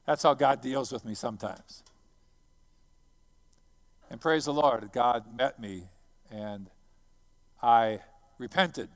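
A man's voice: medium pitch, slow, pauses often. Dramatic storytelling preacher man. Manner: swings from hushed to loud. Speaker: missionary preacher. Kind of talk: sermon storytelling.

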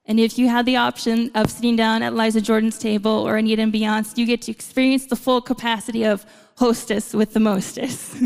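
Gravelly woman preaching in a big hall. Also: on the high side, level tone, a little fast. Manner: conversational with playful asides. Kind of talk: sermon. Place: church hall. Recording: long hall reverb.

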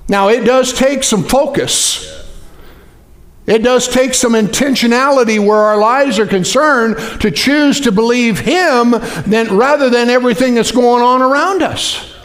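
A male pastor preaching with a strikingly high voice. He talks to his congregation casually, with lots of "you know" and "uh". Now and then he rises into loud, fervent shouts. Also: measured pace. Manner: folksy preaching, many fillers, rising to shouts. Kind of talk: sermon.

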